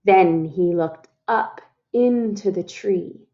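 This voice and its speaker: Expressive woman reading a storybook aloud. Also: medium pitch, slow pace, dull audio. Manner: expressive, talks to listeners as "friends" and asks them questions. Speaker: storytime reader. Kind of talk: reading a picture book aloud to children.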